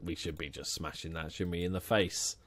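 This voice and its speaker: A man's voice: low-pitched, fairly even intonation, brisk, a bit bright, no room sound. A young man commenting casually on his football management game, chatty and jokey, inventing nicknames for his players. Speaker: gaming channel host. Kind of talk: casual let's-play commentary.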